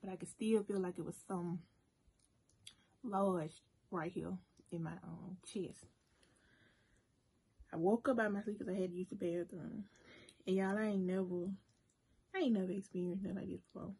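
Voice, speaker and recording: A woman vlogger telling a story casually to her viewers, animated and talking straight to them. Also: medium pitch, moderate pace, pauses often, husky. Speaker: cooking and mukbang vlogger. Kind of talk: casual storytime while eating.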